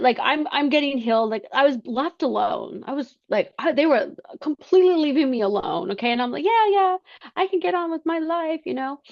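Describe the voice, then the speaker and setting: A woman telling her personal story as a podcast guest, halting, with many fillers and restarts. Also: fairly high pitch, dull audio.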